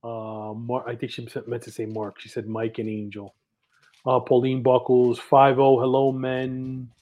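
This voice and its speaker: A man's voice: mid-range voice, monotone, unhurried, narrow, tinny audio. A man co-hosting a live streamed podcast, reading viewers' chat messages aloud in an upbeat way. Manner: upbeat, reads names with a lift. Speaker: podcast co-host.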